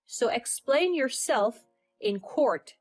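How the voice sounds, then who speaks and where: A woman's voice: high-pitched, expressive, slow, a little mellow, soft background music, heavily acted. A woman voicing a stern, protective older uncle in a storytelling narration, speaking firmly. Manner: firm, commanding.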